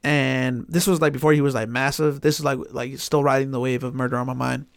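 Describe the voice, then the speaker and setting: A man telling a story in casual chat, animated and swearing often, with lots of filler words. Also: mid-range voice, brisk, vocal fry, no room sound, clean studio sound.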